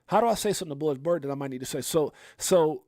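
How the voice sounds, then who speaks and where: A man's voice: fairly high pitch, animated, very fast, darkish tone, no echo, clean studio sound. A middle-aged man hosting a livestream, talking to his viewers in a heartfelt, rambling way that keeps repeating itself. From California. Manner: rambling, emotional, repeats himself. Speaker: crypto livestream host.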